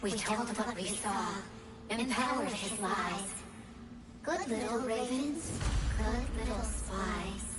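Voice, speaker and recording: Eerie chanting raven ghosts. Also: female voice, fairly high pitch, music in the background. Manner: slow rhyming chant.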